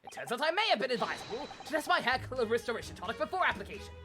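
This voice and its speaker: A woman's voice: fairly high pitch, big pitch swings, rapid-fire, over music, pitched below the performer's own voice. A woman voicing a pompous, eccentric male detective from a game, speaking in grand old-fashioned phrases. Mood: theatrical. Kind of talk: reading game dialogue aloud.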